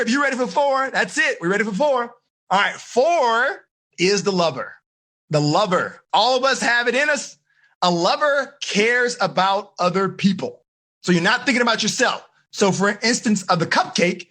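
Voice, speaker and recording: A man running a live seminar for teenagers, energetic and asking the audience questions. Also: sits high, normal speed. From United States. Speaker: teen life coach.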